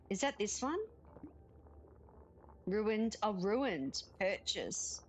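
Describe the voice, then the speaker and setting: A woman's voice: medium pitch, lively intonation, extremely slow, long pauses, a little hiss or hum, rough recording. A woman chatting casually while playing a game, giggling often and reading game text aloud. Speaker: gaming streamer. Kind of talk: casual let's-play chat.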